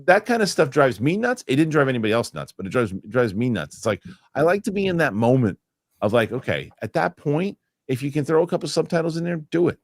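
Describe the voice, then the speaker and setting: A man's voice: mid-range voice, very animated, fast, no echo, clean studio sound. A man hosting a live show and reading viewer comments aloud. He rambles, corrects himself and gets worked up over his pet peeves. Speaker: show host.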